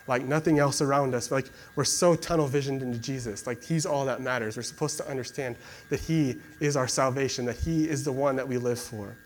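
A young man preaching in a loose, conversational way, often reaching for "like" as he talks. His pitch sits in a normal middle range. A faint hiss of noise runs under the recording. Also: brisk. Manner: conversational, many fillers like "like". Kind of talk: casual sermon and prayer.

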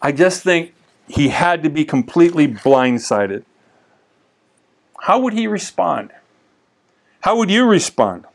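A man teaching the Bible in a casual, conversational way, telling stories with lively asides and frequent restarts. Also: a little high, takes it slowly, long pauses.

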